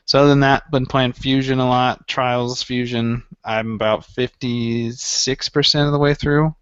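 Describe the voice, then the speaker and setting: A man's voice: mid-range voice, moderate pace, fairly bright tone, clear, resonant tone, no room sound. A man co-hosting a casual gaming podcast, rambling through stories and acting out what he thought at the time. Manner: rambling storyteller, acts out his own past thoughts. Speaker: podcast co-host. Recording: dull, slightly lo-fi dry sound.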